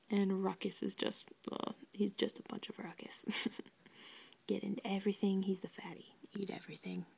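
A woman chatting casually and excitedly, giggling and drifting into soft whispers. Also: medium pitch, moderate pace, vocal fry, husky. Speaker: doll maker vlogger. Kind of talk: casual chat.

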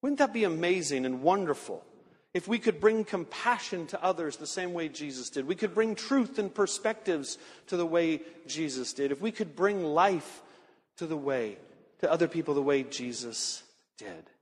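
A man preaching a sermon in earnest storytelling fashion, slowing down to stress key words. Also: on the high side, animated, husky. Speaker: pastor. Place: large church sanctuary. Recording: long hall reverb.

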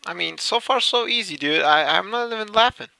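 A man's voice: sits high, expressive, a little fast, gravelly, sharp tone, no echo. A young man giving casual reaction commentary, swearing often and insisting he is not laughing while giggling. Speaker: streamer reacting to clips.

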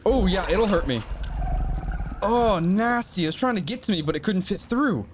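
A man's voice: sits high, lively intonation, fast talker, background noise. A man commentating a survival horror game as he plays, often startled and talking to himself. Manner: jumpy, frightened exclamations and muttering to himself. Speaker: gaming channel host. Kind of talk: let's play commentary.

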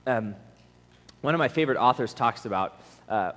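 A man preaches in a relaxed, conversational way, telling everyday stories with animated energy. His voice sits at an ordinary middle pitch, and a long, ringing reverb trails after his words in a large hall. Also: normal speed. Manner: animated storytelling, acts out quoted voices. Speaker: camp speaker, preacher. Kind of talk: conversational sermon.

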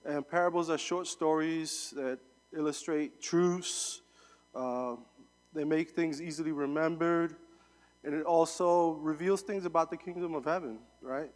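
A young adult man giving a sermon as a guest preacher, telling a story in a relaxed, conversational way with fillers. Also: fairly high pitch, measured pace, in a large hall.

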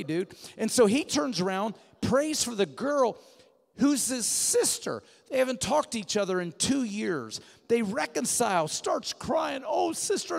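A man preaching a sermon, telling a story animatedly and swinging from hushed to loud. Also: high-pitched, vocal fry. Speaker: guest preacher. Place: church sanctuary. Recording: church hall reverb.

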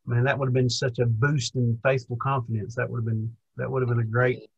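Husky young male minister, rambling. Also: mid-range voice, level tone, a little fast, lo-fi sound. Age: young adult. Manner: rambling, many restarts, chuckles. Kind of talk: conversational Bible lesson.

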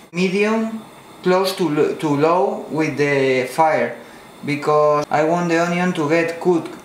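In a home kitchen, a cooking channel host with a Spanish accent teaches a recipe step by step, speaking slowly and carefully in non-native phrasing sprinkled with fillers. His voice is a little high, and the echoey room carries the sound of a sizzling pan along with a faint hiss or hum.

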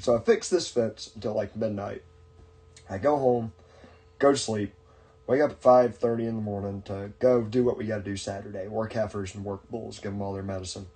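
A man's voice: fairly low pitch, a little fast, dark tone, faint music behind. A man hosting a podcast and telling a long story in casual chat, rambling with many fillers and restarts. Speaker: podcast host.

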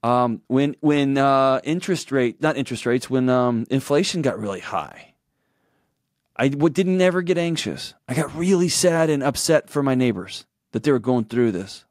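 A man's voice: medium pitch, expressive, normal speed, dry recording, studio quality. A man in his forties with a drawl, a guest telling personal stories earnestly in an interview and acting out what others said. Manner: earnest storytelling, acts out quotes in shifting voices. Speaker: guest, author and show host. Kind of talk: candid conversational interview talk.

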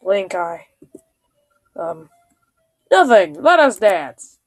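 A woman voicing a kind young female dancer from a video game, reading her lines in a bright, sing-song way. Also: mid-range voice, very animated, drawn-out words, dry recording, faint music behind, exaggerated voice. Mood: shy.

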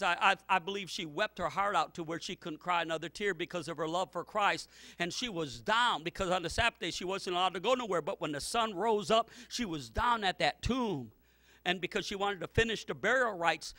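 A male pastor delivers a sermon in a high, piercingly bright voice. He drifts through loose asides, then builds to fervent, near-shouted retellings of scripture. The sound is close and dry. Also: fairly quick, no echo. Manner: loose, rambling asides with repeated words.

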